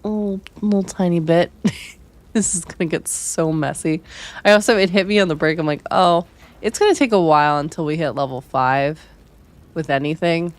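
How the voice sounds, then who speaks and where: A woman's voice: on the low side, moderate pace. A woman hosting a game stream, chatting casually and talking through her plans. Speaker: streamer host. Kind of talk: casual gameplay commentary.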